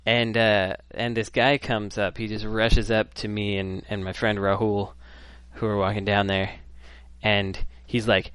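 A man's voice: lowish voice, flat delivery, unhurried, fairly bright tone, smooth, no echo. A man co-hosting a casual podcast chat, telling rambling anecdotes and quoting people in passing. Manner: rambling anecdotes with acted quotes. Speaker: podcast co-host.

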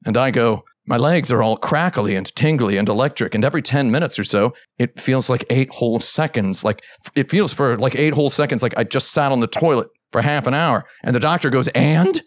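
Telling a long joke story in a casual podcast chat, this male host plays both sides, jumping into a high voice for the other characters' lines. He talks a little fast with few pauses, in a recording with no room sound.

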